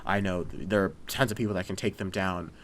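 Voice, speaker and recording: A man hosting a casual podcast chat, excitable and often acting out scenes in voices. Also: low-pitched, quick pace, a little hiss or hum. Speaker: podcast host.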